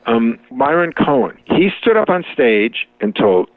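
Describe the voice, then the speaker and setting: A man's voice: medium pitch, very animated, a little slow, dry recording. An older man with a Chicago accent, a comic and professor talking through jokes in a rambling interview manner. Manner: rambling, restarts often, storytelling jokes. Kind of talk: interview conversation. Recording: tinny phone-like line.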